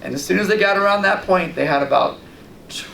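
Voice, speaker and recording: A man hosting a fishing show, giving casual tips and telling lively stories in which he acts out his own reactions. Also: sits high, fast, gravelly. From Long Island, New York. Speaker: fishing guide and show host. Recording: roomy, distant mic with light background noise.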